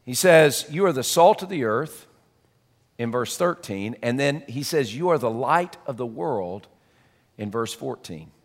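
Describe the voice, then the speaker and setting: A man's voice: mid-range voice, animated, unhurried. A man preaching a conversational sermon as pastor, folksy and chatty with self-deprecating asides, in a church sanctuary. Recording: long hall reverb.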